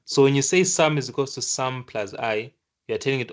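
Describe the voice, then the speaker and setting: A casual, lively male tutor teaches code on a shared screen, speaking in a mid-range voice. He thinks aloud with stop-start phrasing and acts out the computer's scoldings in brief asides.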